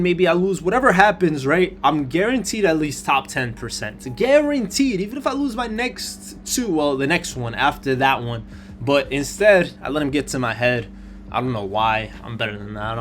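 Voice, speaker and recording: Over his own basketball video game footage, a young man who makes gaming videos on YouTube gives commentary in a fairly high voice. He gets frustrated and animated, speaking directly to viewers in slang and addressing them as "bro" and "man."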